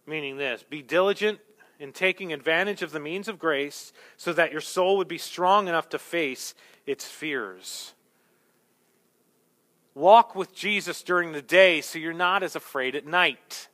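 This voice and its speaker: A pastor delivers a sermon in a man's high, bright voice. He talks in a conversational, animated way and builds to emphatic peaks. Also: measured pace.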